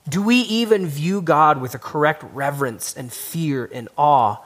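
A man with a slightly high voice speaks casually to a church group. He keeps it loose and conversational, full of fillers. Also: measured pace, fairly bright tone. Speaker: worship leader introducing a video. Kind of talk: casual introduction to a congregation.

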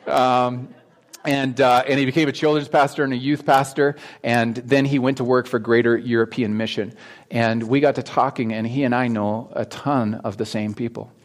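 A man's voice: medium pitch, darkish tone. A male pastor telling a personal story at the start of a sermon in a conversational way, with many ums and restarts.

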